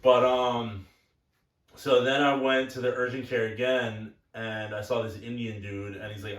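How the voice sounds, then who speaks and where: In a mid-range voice with little pitch movement, a young man speaks at a measured pace. He's a podcast co-host telling crude stories in casual, rambling, blunt chat, heard from a distance in an echoey room.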